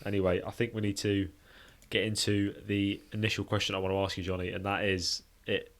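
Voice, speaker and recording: A male podcast host with a fairly low voice. He leads the interview in an easygoing way, padding his questions with ums and uhs. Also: level tone, brisk. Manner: easygoing, asks questions with fillers.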